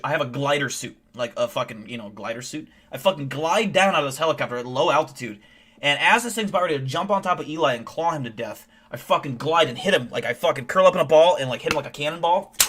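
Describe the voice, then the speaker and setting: A man streaming live, telling wild stories in animated, profane, casual chat. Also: fairly high pitch.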